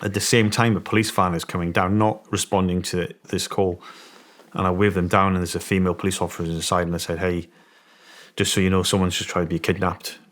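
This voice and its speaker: With a slightly bright, low voice and flat delivery at a somewhat quick clip, the former special forces soldier shares a story as a conversational guest. He meanders, keeps restarting, and drives his points home with emphasis.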